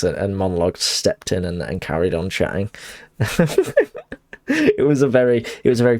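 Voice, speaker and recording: A man's voice: lowish voice, animated, normal speed, a little mellow. A young man chatting casually while streaming a game, rambling and laughing at himself. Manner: rambling, self-deprecating, laughs often. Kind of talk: casual chat while gaming.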